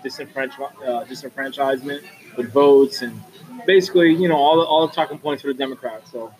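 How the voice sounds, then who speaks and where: A man's voice: mid-range voice, fairly even intonation, brisk, a little mellow. A man hosting a casual podcast chat, joking and rambling as he tells stories. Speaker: podcast host. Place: restaurant. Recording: noisy restaurant crowd. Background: crowd chatter.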